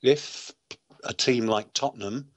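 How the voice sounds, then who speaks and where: A man speaking in a measured, thoughtful way as a podcast panelist on a remote call. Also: mid-range voice, no echo. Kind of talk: casual chat.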